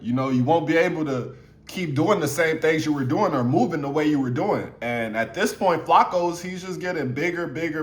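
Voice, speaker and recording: Casual YouTube commentator, male, slightly higher voice, chatty and hedging, talks straight to the audience. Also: a bit bright. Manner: loose and conversational, many fillers, hedging opinions.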